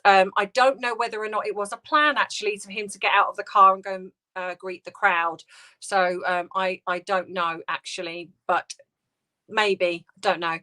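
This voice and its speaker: A British woman hosting a casual livestream, talking softly and hesitantly with many ums and restarts as she answers viewer comments. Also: mid-range voice. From United Kingdom. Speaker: livestream host.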